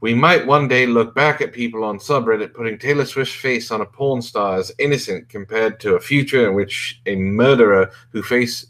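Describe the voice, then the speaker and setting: A man's voice: mid-range voice, fairly bright tone. A man hosting a podcast, giving sarcastic, profane commentary. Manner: sarcastic, swears freely. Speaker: podcast host.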